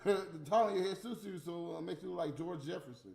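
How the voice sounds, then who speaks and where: A man's voice: sits high, a little fast, gravelly, darkish tone, roomy sound, faint music behind. A middle-aged man ranting on a livestream, blunt and exasperated, cursing freely. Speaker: livestream host. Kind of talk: profane off-the-cuff rant.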